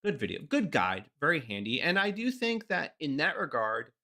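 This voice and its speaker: Man, lively commentary host, bright voice, sarcastic ranting. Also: on the high side, moderate pace. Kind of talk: political commentary show.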